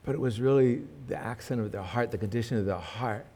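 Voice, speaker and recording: A man's voice: mid-range voice, fast, warm tone. A male pastor praying earnestly and then telling a story in a sermon, with emphatic rises in his delivery.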